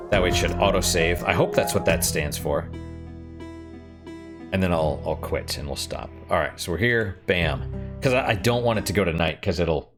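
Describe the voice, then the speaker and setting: A young man chatting casually and frankly while playing a game, rambling and swearing now and then. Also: deep voice. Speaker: gaming streamer.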